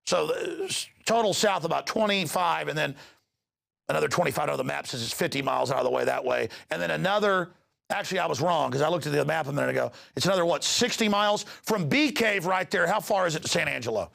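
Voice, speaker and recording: A man's voice: fairly high pitch, lively intonation, quick pace, vocal fry, a bit bright. A middle-aged man hosting heated news commentary, ranting in an agitated way and repeating words as he gets worked up. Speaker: host.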